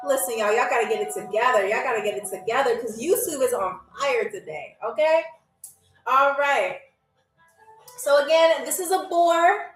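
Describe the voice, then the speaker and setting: High-voiced playful woman game show host. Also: lively intonation, normal speed. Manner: playful, jokey, reads viewer comments aloud; peppers lines with "okay?" and "all right". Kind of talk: live-stream game show chat. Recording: roomy echo, faint music.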